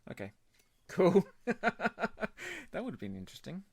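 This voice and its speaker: A man co-hosting a beer podcast in casual chat, chatty and quick to laugh. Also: medium pitch, animated, dry recording. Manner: chatty, laughs often, puts on joke accents. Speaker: podcast co-host.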